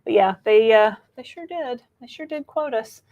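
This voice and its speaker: A woman co-hosting a casual livestream, animated and teasing. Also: on the high side, normal speed, highs cut off. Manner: animated, laughs easily, teasing. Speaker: co-host.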